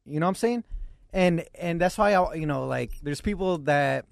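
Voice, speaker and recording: A man's voice: a little high, moderate pace, gravelly, no room sound, studio quality. A man hosting a podcast in casual chat, telling a story with lots of repeated "hold on" and "check it out.". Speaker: podcast host.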